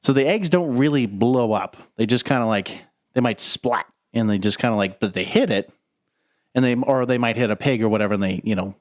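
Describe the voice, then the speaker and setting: A man's voice: mid-range voice, a little fast. A man co-hosting a podcast in casual chat, rambling with many fillers. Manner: rambling, filler-heavy, laughs often. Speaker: podcast co-host.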